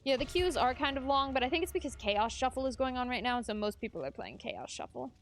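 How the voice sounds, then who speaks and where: A woman's voice: high voice, lively intonation, fast. A young adult woman streamer chatting casually with her chat while gaming, laughing often.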